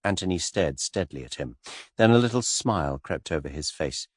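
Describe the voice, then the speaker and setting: Man, audiobook narrator, low pitch, animated delivery, dry sound. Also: fairly quick, husky, no room sound. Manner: lively, shifts pitch and loudness between characters. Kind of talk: audiobook reading with character voices.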